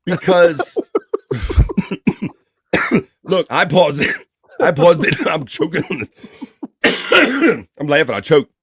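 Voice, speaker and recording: A man's voice: fairly high pitch, very animated, takes it slowly, pauses often, a bit bright, breathy edge, no room sound. Wisecracking man hosting a livestream. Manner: laughing often, wisecracking. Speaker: livestream talk show host. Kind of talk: casual chat reading viewer comments.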